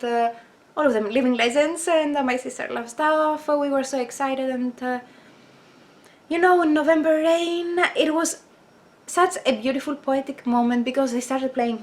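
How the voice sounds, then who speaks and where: Young female vlogger, high voice, gushing and hesitant, casual talk to camera. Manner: excited, halting, many fillers. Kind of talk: casual personal storytelling to camera.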